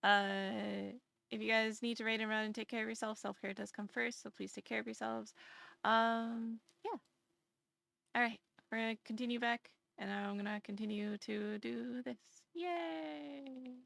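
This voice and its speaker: A woman streamer chatting casually to her viewers in a rambling, halting way full of fillers. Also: a little high, level tone, gravelly, fairly bright tone, dry recording. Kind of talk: casual live-stream chat.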